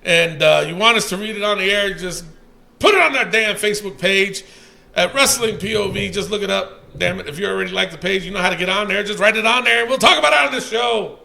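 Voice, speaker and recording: A fast-talking co-host with a high, gravelly voice reads listener ratings on a casual podcast, cursing loosely and shifting between mumbled and yelled lines.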